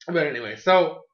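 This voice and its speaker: A man's voice: on the high side, dull audio. A man casually reviewing a cartoon episode, rambling with lots of fillers and amused asides.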